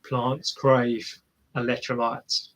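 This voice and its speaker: A man's voice: mid-range voice, level tone, takes it slowly, fairly bright tone. A man commentating casually on a marathon live for viewers, chatty and self-mocking as he cheers the runners on. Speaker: live race watch-along streamer.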